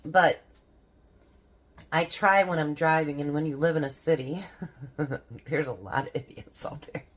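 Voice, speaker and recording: Older woman, grandmother type, low voice, rambling casual devotional chat with frequent laughs. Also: unhurried. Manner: rambling, chatty, laughs often. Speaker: homestead vlogger.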